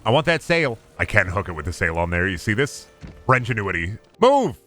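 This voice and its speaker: Young guy streaming a game, swears a ton, yells random stuff, super animated pitch. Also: a little fast, faint music behind. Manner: lively, swearing, jokey, shouts in bursts. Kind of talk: gameplay commentary.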